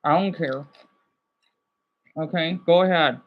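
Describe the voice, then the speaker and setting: A man's voice: fairly high pitch, highs cut off, slight background noise. Agitated, apologetic man on a livestream. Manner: agitated, rambling, quick to apologize. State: upset and burnt out. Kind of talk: casual livestream talk.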